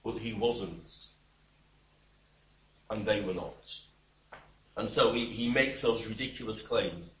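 A man's voice: fairly low pitch, slow, pauses often, fairly bright tone, a little hiss or hum. A man preaching an expository sermon, with wry, emphatic and scornful asides. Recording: roomy, distant church mic.

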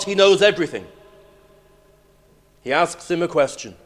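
A man preaching a sermon, emphatic, moving between loud declarations and hushed lines. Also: fairly high pitch, animated, normal speed, pauses often.

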